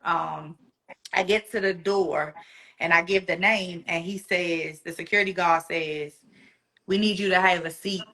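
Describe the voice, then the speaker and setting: A woman guest telling an emotional personal story, animated and acting out the voices of the people she quotes. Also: fairly low pitch, measured pace.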